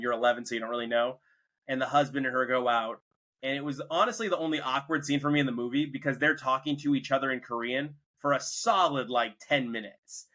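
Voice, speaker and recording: Young guy on a movie podcast, bright clear voice, rambles thru the plot. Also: mid-range voice, low-quality recording. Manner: rambling retelling of a film plot. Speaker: podcast host. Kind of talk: casual movie review chat.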